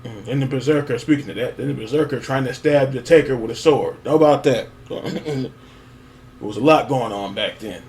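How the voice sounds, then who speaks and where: A man talking in a loose, rambling way, full of fillers and little laughs. His voice sits at an ordinary middle pitch. A faint hum runs under the recording. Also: moderate pace, a little mellow. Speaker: wrestling fan vlogger. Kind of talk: casual nostalgic monologue.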